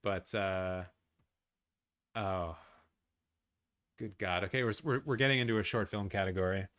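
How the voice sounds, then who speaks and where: A man hosting a live watch-along stream, chatting casually with his viewers, swearing often and reacting loudly. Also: low-pitched, a little slow. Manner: excitable, swears a lot, talks to chat.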